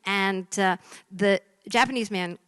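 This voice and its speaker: Lively joke-telling woman, dry sound. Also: mid-range voice, a little slow, clear, resonant tone, no room sound. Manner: acts out characters in jokes with voice shifts; lively storyteller, drops to whispers for effect. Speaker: joke teller.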